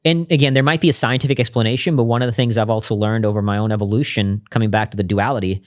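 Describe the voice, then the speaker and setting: A man speaking as a guest on an interview podcast, in a lowish voice. He tells his story earnestly and reflectively, in conversation. At intimate moments he sinks into a quiet, hushed delivery. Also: fairly even intonation, very fast.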